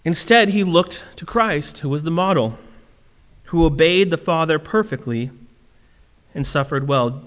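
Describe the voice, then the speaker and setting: Animated high-voiced male preacher in a reverberant hall. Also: unhurried. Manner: animated, acts out quotes with shifting voice. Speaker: pastor. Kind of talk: sermon.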